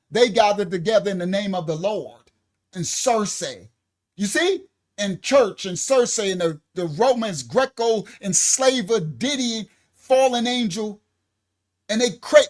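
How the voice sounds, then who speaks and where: A man teaching a congregation in a preaching style, emphatic and repetitive, building to loud exhortation. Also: sits high. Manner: emphatic, repeats words, rises to loud exhortation. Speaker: teacher of a ministry.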